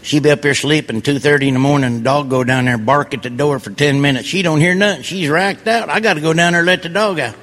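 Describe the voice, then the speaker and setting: A man's voice: on the high side, quick pace, few pauses, fairly bright tone. A man doing stand-up comedy, with folksy, grumbling, self-mocking delivery. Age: 50s.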